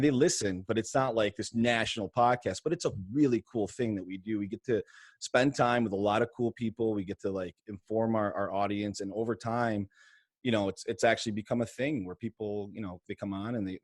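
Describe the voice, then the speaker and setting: Low-voiced man, loose casual chat. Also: no echo, studio quality. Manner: quick and loose, lots of fillers and restarts. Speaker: mortgage lender and podcast host. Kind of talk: casual interview on a livestream. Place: home podcast studio. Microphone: video call.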